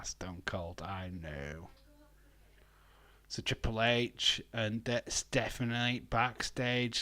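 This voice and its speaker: Slow-talking British man, laughing commentary. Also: on the low side, fairly bright tone. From United Kingdom. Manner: joking, swears a lot, laughs often. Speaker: wrestling watch-along streamer. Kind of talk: casual live commentary.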